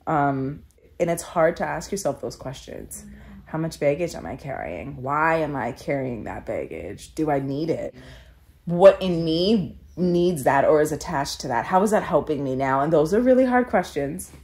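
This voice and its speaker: A woman's voice: lowish voice, darkish tone. A woman telling a candid personal story in an interview, earnest and reflective, with many filler "likes". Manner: tearful laughing when moved.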